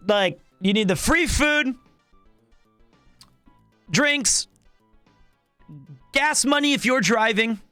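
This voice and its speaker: A man in his thirties chatting casually on a live stream, animated and rambling with lots of restarts. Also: very high voice, very slow, pauses often, clean tone, no room sound, faint music behind. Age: 30s.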